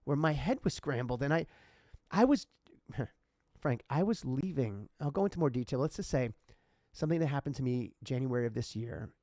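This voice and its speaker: A man's voice: mid-range voice, animated, normal speed, a little mellow, no echo, clean studio sound. A man co-hosting a podcast who tells a personal story in an earnest, rambling way, with many restarts and asides. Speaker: podcast co-host.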